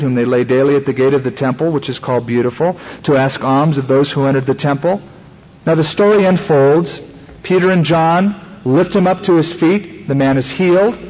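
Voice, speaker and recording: A man's voice: on the high side, darkish tone, slightly rough, in a large hall. A man preacher giving a conversational sermon that acts out Bible stories, on a dull lo-fi radio recording.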